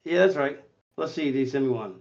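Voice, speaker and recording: A man hosting a voice chat stream, talking in a profane, confrontational way that swings between muttering and shouting. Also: medium pitch, expressive, fast talker, creaky, lo-fi sound. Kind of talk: heated casual voice chat.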